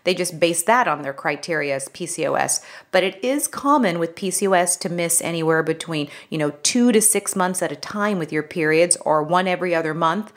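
A middle-aged woman co-hosting a health podcast, explaining things in a casual, conversational way that turns animated when she tells a story. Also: fairly low pitch, brisk, few pauses. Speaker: podcast co-host, health practitioner.

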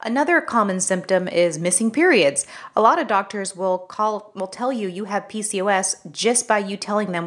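A middle-aged woman co-hosting a health podcast, explaining things in a casual, conversational way that turns animated when she tells a story. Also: medium pitch, normal speed, few pauses. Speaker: podcast co-host, health practitioner.

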